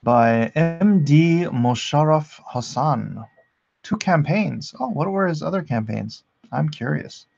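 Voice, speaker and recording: Gravelly, unhurried man on a livestream. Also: on the high side, highs cut off. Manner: relaxed, chatty, reads the chat aloud and laughs at it. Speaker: artist hosting a drawing livestream. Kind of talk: casual livestream chat.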